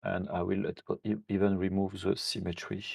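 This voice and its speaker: A man who is not a native English speaker, demonstrating software on a live stream, halting, with many fillers and self-corrections. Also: sits low, monotone, gravelly. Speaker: software team member demonstrating features.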